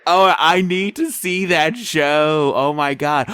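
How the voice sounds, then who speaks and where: A man co-hosts a podcast, casually discussing a movie trailer while rambling through many fillers and restarts. He takes it slowly with hardly any pauses, in a voice on the high side that's a bit bright and clean, free of echo.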